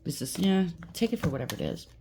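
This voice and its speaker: A tarot reader delivers a blunt, heated reading, speaking straight to the listener and checking in often with "okay?" Her low-pitched voice is dark in tone and fast, with huge swings in pitch. There is slight background noise.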